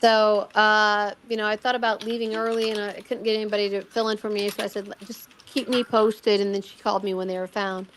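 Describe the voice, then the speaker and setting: A middle-aged woman telling a personal story in casual chat, animated, acting out what people said, with many restarts. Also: medium pitch, fairly quick, few pauses, a little hiss or hum. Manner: animated, acts out quoted voices, many restarts. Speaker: guest recounting a personal experience.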